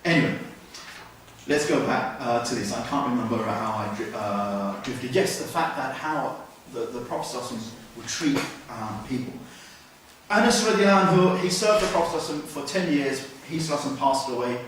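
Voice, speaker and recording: A man giving a humorous, anecdotal lecture in a mosque, telling stories with lively swings in volume. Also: mid-range voice, fast, slight background noise. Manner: storytelling, humorous asides, lively shifts in volume. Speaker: Islamic lecturer. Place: mosque hall. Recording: very echoey hall, distant mic.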